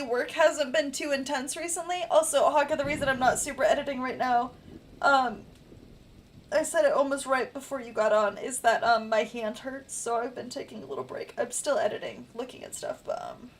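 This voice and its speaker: A woman's voice: high-pitched, steady tone, moderate pace, a little hiss or hum. A young woman from the American Midwest with a slight Midwestern accent, chatting casually and rambling on a livestream while she edits her book. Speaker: author livestreaming her editing.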